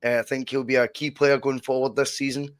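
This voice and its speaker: A man's voice: medium pitch, level tone, brisk, dry recording, studio quality. A man hosting a casual podcast over a video call, chatty and matey as he plugs the channel. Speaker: podcast host.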